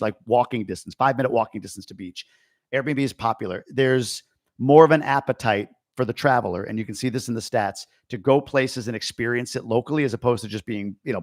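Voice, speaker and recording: A man from Long Island, USA, talks through a casual live-stream, reading viewer comments aloud and firing back blunt, opinionated answers. His voice sits at a middling pitch. The recording is dry, with no room sound. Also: dry recording. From Long Island, New York, USA. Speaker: host answering viewer questions.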